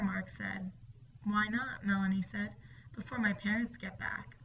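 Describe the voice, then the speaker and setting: A woman narrates a ghost story in a hushed, storytelling way, sometimes sinking into whispers. She sits a little away from the microphone. The recording is dull, with a faint hiss underneath. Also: mid-range voice, moderate pace, recorded from a distance.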